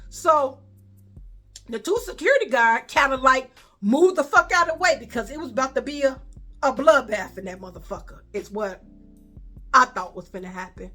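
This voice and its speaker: A woman with a Chicago accent telling a personal story in a casual storytime vlog, animated and profane, acting out the dialogue. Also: high-pitched.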